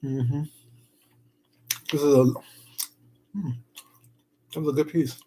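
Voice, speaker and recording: A man's voice: a little high, fairly even intonation, takes it slowly, mellow, slight background noise, poor audio. A man live-streaming himself eating, chatting casually and greeting viewers in the chat with pet names like "baby" and "sweetheart".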